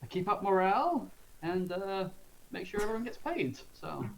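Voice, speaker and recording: A woman's voice: mid-range voice, big pitch swings, normal speed, vocal fry, slight background noise, rough recording. A woman playing a tabletop game, hesitant and stammering with frequent fillers. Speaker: player.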